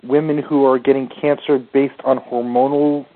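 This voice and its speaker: A man's voice: medium pitch, level tone, normal speed. A man with an American accent hosting a radio interview, rephrasing and checking what his guest means. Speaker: radio show host. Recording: phone-like radio line.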